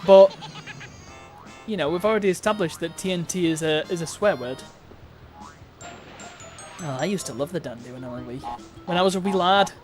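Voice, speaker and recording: A man's voice: high-pitched, fairly quick, pauses often, music in the background. A man giving chatty, self-mocking commentary while streaming a game.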